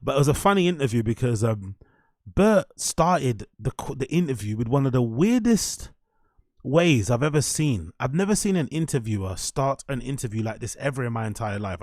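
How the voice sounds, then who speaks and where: A man's voice: medium pitch, very animated, fairly quick, a little mellow, dry recording, clean studio sound. Sweary man ranting. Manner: subdued and muttering after the rant. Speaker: streamer and show host. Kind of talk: live stream commentary.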